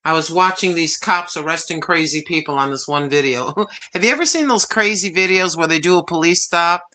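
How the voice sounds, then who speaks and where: A middle-aged woman hosting a casual live stream, chatting in an animated way, telling stories and laughing often. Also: lowish voice, brisk.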